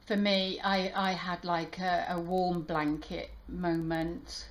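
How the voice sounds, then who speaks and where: Slow, low-voiced woman tarot reader. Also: flat delivery. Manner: emotional, halting, many restarts. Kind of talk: casual heartfelt channel talk.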